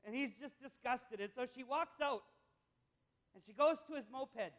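A man's voice: very high voice, measured pace, a bit bright. A man preaching a sermon, telling a joke as a story and building to emphatic, repeated declarations. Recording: echoey hall with long reverb.

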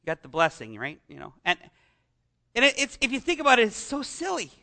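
A man's voice: extremely high pitch, wildly swooping pitch, fairly quick, creaky, bright, forceful tone. A Canadian man preaching a sermon as pastor, in a conversational style with chatty asides.

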